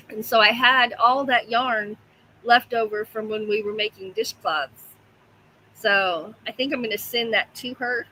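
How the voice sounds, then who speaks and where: Chatty woman host, bright voice, unhurried delivery, home livestream, light room noise. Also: a little high, low-quality recording. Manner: chatty, talks to her pets and reads viewer comments. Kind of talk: casual livestream chat.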